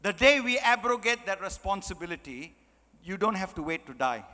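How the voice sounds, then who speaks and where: This man is giving a forceful motivational talk as a guest speaker, asking the audience rhetorical questions and repeating key phrases. He speaks at normal speed in a high, bright voice, and the recording has long hall reverb.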